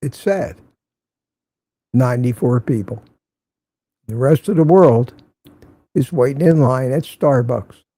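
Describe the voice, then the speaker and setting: A man's voice: mid-range voice, slow pace, pauses often, mellow, dry recording. An older man hosting a casual morning live stream, chatting and greeting viewers by name with frequent laughs.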